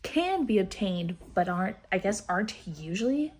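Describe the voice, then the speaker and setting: A woman chatting casually in a reading vlog, full of fillers, swearing and sudden excited outbursts. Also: medium pitch, normal speed, slight background noise. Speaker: book vlogger.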